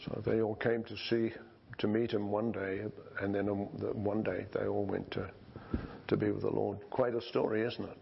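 Low gravelly-voiced male preacher. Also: little pitch movement, highs cut off, slight background noise. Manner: slow conversational storytelling with restarts. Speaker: pastor. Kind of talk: sermon.

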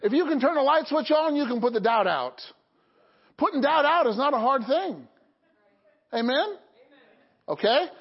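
A man's voice: high voice, breathy edge. A man preaching a sermon to his congregation, checking in often with "Okay?" and "Amen?". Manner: call-and-response preaching, frequent "Okay?" and "Amen?". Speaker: pastor. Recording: dull lo-fi recording.

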